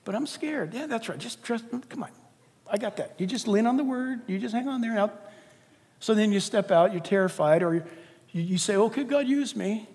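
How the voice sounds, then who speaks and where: A man preaching a sermon with dynamic delivery, swinging from loud emphasis to hushed, confiding asides. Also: high-pitched, moderate pace. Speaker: pastor. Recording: long hall reverb.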